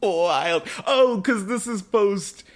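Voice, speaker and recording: A man's voice: high voice, lively intonation, slow. A man co-hosting a podcast, giving short wry reactions and laughs in casual chat. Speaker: podcast co-host.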